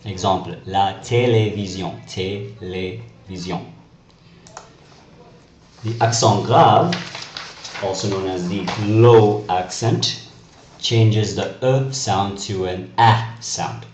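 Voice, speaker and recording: Here the Canadian French teacher speaks low, slowly and a little mellow. He's giving a video lesson, spelling out letters one by one and explaining with care, in an echoey space with a faint hiss behind him.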